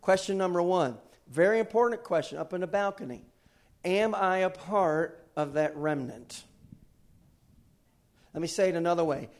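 Casting: male pastor, slightly high voice, fervent pulpit preacher with folksy asides, church sanctuary. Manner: preaching with rising intensity, then quiet storytelling. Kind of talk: sermon.

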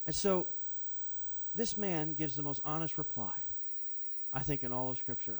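Animated preacher man, higher-pitched voice. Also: moderate pace. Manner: animated preaching with sudden loud rises and soft drops; asks the congregation questions directly. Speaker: pastor. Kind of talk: sermon.

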